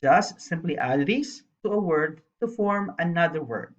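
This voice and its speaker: Female primary teacher, unhurried and patient, recorded lesson narration with a slightly muffled sound. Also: on the low side, animated. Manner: slow, spells letters out, explains patiently. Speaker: primary school English teacher. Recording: dull lo-fi voice-over.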